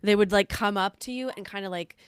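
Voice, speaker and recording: A woman guest on a podcast, telling a story in a loose, halting way, full of fillers. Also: mid-range voice, clean tone, no echo, studio quality. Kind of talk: casual chat.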